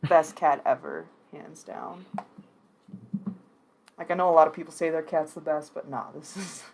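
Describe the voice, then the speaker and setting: A woman's voice: deep voice, fairly even intonation, normal speed, breathy edge. A woman with a Wisconsin accent, hosting a stream and chatting casually with a friend, laughing often. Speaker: stream host. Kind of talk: casual chat on a livestream.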